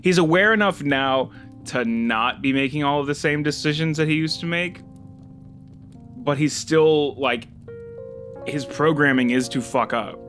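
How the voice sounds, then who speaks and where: A man hosting a casual chat reviewing a show, talking in an animated way, swearing freely and jumping up in pitch when moved. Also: a little slow, faint music behind. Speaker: host.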